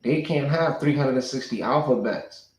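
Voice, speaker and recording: A man's voice: mid-range voice, moderate pace, darkish tone, roomy sound, poor audio. A man talking alone to his channel in a loose, speculative monologue, thinking aloud and restarting his sentences often. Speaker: YouTuber. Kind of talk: rambling monologue.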